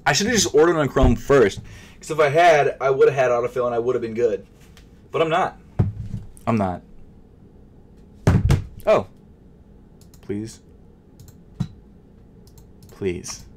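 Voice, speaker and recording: A man who vlogs about sneakers, commenting casually while trying to buy shoes online, muttering in frustration and jumping between loud outbursts and whispers. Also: mid-range voice, takes it slowly, pauses often, slight background noise. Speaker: sneaker vlogger.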